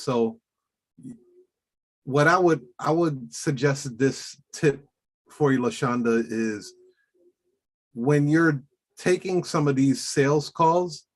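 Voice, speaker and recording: A man hosting a casual coaching chat, speaking in a slow, deliberate and emphatic way. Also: medium pitch. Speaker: podcast host coaching notaries.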